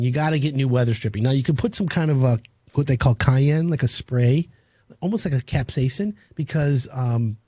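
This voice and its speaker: Brash, lively-voiced male radio host. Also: medium pitch, husky, dry recording. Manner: brash, joking, salesy. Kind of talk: home improvement radio talk.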